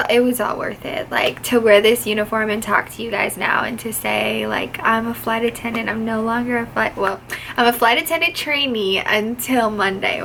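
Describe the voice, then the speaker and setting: A young woman chats straight to her viewers in a slightly high voice, gushing and close to tears. She talks casually, with lots of "like" fillers and restarts. A faint hum of ambient noise sits behind her. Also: vocal fry, fairly bright tone, poor audio. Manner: gushing, emotional, frequent "like" fillers. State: teary, on the verge of crying. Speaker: vlogger, flight attendant trainee. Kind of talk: casual vlog chat.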